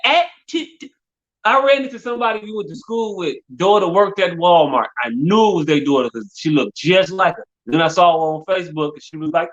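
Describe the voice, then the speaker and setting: Middle-aged man, podcast co-host, loose profane storyteller; a bit high-pitched, dull lo-fi recording. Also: a little fast. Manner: rambling storyteller, profane, repeats "hey, look". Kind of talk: casual comedic chat. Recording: dull lo-fi sound.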